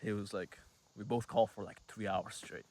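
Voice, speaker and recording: An 18-year-old man rambles through a casual vlog story, leaning on fillers and dropping swear words. His voice sits on the lower side for a man. He talks loosely, like he is catching up with a friend. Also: steady tone, moderate pace, a little mellow. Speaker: vlogger.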